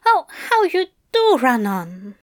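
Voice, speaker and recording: A woman voicing a tender, self-doubting male angel in a fan fiction reading, pushing her voice much higher. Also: sing-song, slow, exaggerated voice. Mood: bashful, tender.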